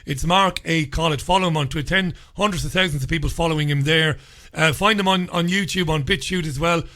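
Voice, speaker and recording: A man's voice: on the high side, sharp tone. A man hosting a radio talk show, chatting casually and rambling with plenty of filler words into a studio microphone.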